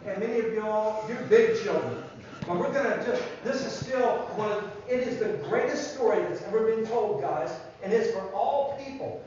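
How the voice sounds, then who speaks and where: A man's voice: high-pitched, noisy background. A man telling a Bible story to children at church, asking the listeners questions and answering them himself. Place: church room. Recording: very echoey, distant, dull room recording.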